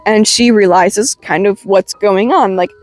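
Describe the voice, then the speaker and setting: A woman's voice: medium pitch, unhurried, a little mellow, faint music behind. A young woman casually recapping a comic in a chatty way, full of "like" and casual swearing. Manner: chatty, swearing, filler-heavy "like". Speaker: webcomic reviewer.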